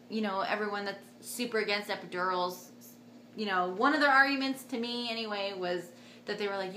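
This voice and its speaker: A young woman tells a personal story to camera in a chatty, animated way, jumping up in pitch whenever she quotes someone. Her voice is bright and forward. The room adds a clear echo and a faint hiss behind her. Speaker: vlogger.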